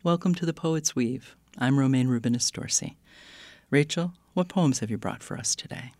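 A man hosting a poetry program, reading a guest's introduction in an even, formal way. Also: medium pitch, normal speed, dry recording. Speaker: host. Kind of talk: scripted introduction.

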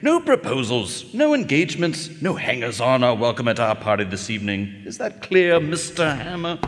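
A man's voice: mid-range voice, very animated, moderate pace, long reverb tail, very noisy, natural voice. A man voicing a haughty, dismissive wealthy father in a radio drama. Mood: cold. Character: stern snobbish rich father.

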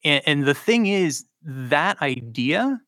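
Bright-voiced man explaining research. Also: fairly high pitch, very animated, slow, no room sound. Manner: explanatory, many ums and likes. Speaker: linguistics professor, guest. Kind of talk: radio interview answers.

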